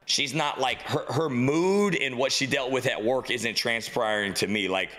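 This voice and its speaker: A man's voice: mid-range voice, moderate pace, a bit bright. A man co-hosting a podcast in casual chat, talking loosely with lots of fillers and some swearing. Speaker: podcast co-host.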